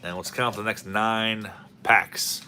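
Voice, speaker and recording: A man's voice: fairly low pitch, steady tone, takes it slowly, background noise. A man hosting a card-opening video, rambling and joking as he calls out player names. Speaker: host of a card-opening channel. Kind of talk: casual commentary while opening packs.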